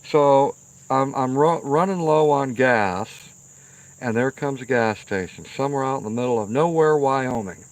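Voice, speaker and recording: A man's voice: medium pitch, measured pace, no room sound. A middle-aged man hosting a livestream, telling a rambling, profane story outdoors and often checking in with "okay?". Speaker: livestream host. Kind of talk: casual storytelling. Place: outdoors by a fire pit at night.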